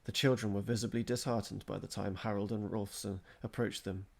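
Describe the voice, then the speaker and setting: A man reading a story aloud, steady and measured. His voice is low and gravelly with a husky edge. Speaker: narrator.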